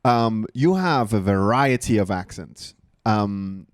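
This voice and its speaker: A man's voice: on the low side, animated, takes it slowly, no room sound, studio quality. Playful man from Switzerland, banter. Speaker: podcast co-host. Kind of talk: casual comedy podcast chat.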